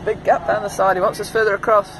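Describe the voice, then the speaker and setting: Chatty woman on a noisy ferry. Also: medium pitch. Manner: chatty, animated, quick to laugh. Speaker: travel vlogger. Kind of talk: casual walk-through commentary. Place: ferry car deck and cabin.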